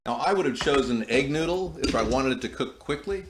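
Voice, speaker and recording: A man's voice: mid-range voice, expressive, fairly quick. Chatty man in his fifties, noisy recording. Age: 50s. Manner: chatty and rambling, with folksy asides. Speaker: cooking show host. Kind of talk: casual cooking demonstration. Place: home kitchen. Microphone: close-up wired mic.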